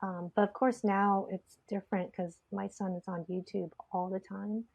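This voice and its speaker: A woman's voice: mid-range voice, flat delivery, normal speed, vocal fry. A woman hosting a podcast in casual chat, rambling along with lots of fillers. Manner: chatty, rambling with many fillers. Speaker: podcast host. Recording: slightly dull lo-fi sound.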